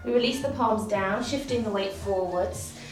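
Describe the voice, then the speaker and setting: A woman's voice: medium pitch, moderate pace. A woman leading a guided workout class, encouraging and counting reps aloud, a little out of breath. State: slightly out of breath. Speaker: fitness instructor. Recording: roomy, from far off, faint music.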